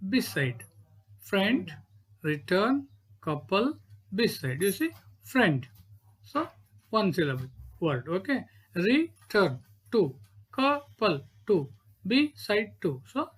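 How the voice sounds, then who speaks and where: A woman's voice: lowish voice, husky. A woman with an Indian English accent teaching a grammar lesson, saying each word over and checking in with "right?" and "okay".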